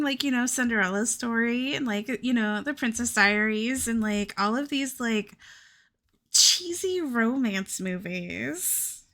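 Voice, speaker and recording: A bright, lively young woman from the American South chats with her stream viewers in an easy, rambling way. Her pitch is on the high side and jumps around a lot, and she swears freely. Her talk is packed with "like". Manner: chatty, heavy "like" filler, swears freely. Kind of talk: casual chat with chat.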